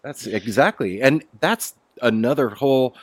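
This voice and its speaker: A man guest telling stories in a casual, animated chat, swearing freely and laughing. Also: mid-range voice, a little slow, dry recording. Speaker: podcast guest. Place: outdoor porch.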